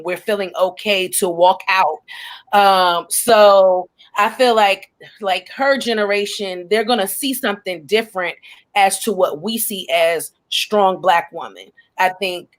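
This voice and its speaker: A woman guest on a panel discussion, speaking reflectively and at length. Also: on the low side.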